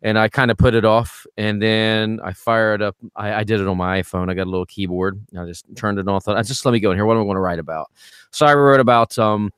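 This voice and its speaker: A man's voice: fairly low pitch, fairly even intonation, quick pace, fairly bright tone, smooth, no echo, studio quality. A middle-aged man, a vocal coach co-hosting a podcast, telling stories in a rambling, casual way and often stumbling over repeated words. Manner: rambling storyteller, repeats words when starting sentences.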